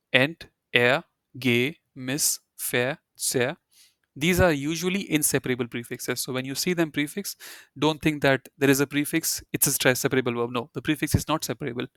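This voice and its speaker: A man's voice: on the high side, gravelly, a bit bright, dry recording, studio quality. A man teaching a German grammar lecture in a conversational way, with many fillers and restarts, reading out example sentences. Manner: conversational, frequent "you know" fillers and restarts.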